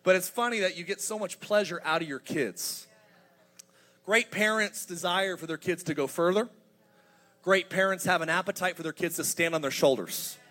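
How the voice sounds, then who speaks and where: A man in his thirties preaching a sermon as pastor, energetic and humorous, building to emphatic points. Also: sits high, moderate pace. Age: 30s.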